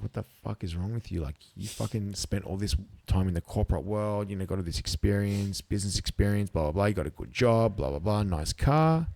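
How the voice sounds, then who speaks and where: A man's voice: on the low side, darkish tone. An Australian man in his thirties, a competitive eater telling stories casually and acting out quotes, swearing freely. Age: 30s. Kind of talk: casual storytelling with profanity.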